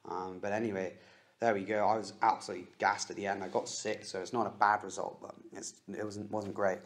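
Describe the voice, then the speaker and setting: A young Australian man rambling in a casual voice-over over his own race footage, excitable and full of fillers. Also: on the low side, a little fast. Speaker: cycling vlogger.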